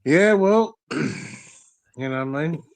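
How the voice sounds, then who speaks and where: A man's voice: a little high, lively intonation, takes it slowly, gravelly, no room sound. A man, ranting angrily and profanely as a guest in a casual chat, full of threats. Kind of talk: angry rant in casual chat.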